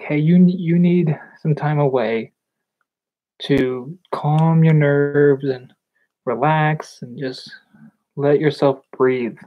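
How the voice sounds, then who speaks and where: Slow, halting young woman vlogger. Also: very deep voice. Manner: halting, hesitant, with nervous laughs. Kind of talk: personal storytelling. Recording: slightly dull lo-fi recording.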